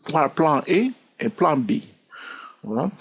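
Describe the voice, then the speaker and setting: A man teaching a trading lesson, animated and asking the listener rhetorical questions. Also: on the high side, takes it slowly, breathy edge. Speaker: trading educator. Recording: dull lo-fi audio.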